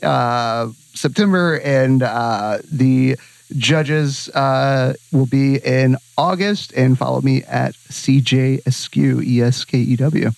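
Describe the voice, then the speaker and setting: Writer guy guesting on a podcast, slow and kinda halting, dry close sound. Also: medium pitch, gravelly, no echo, low-quality recording. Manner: hesitant, lots of fillers. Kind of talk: casual chat.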